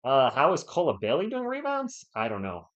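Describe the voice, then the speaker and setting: Excitable man calling a game live. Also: mid-range voice, brisk, highs cut off. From New England. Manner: excitable, fired-up, talks straight to chat viewers. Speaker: live-stream sports host. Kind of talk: live play-by-play commentary and chat replies.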